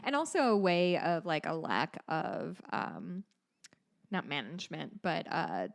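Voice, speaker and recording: A woman's voice: fairly low pitch, big pitch swings, unhurried, gravelly. A woman in her thirties co-hosting a podcast, chatting casually in a rambling way, with swearing and self-deprecating asides. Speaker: podcast co-host. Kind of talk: casual chat.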